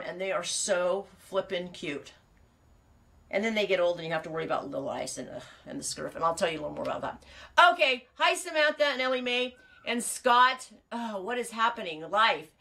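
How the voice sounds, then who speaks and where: A woman's voice: fairly low pitch, creaky, a bit bright. A woman hosting a casual knitting live stream from her farm, rambling and cutting herself off, laughing often and swearing now and then. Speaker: knitting show host and sheep farmer.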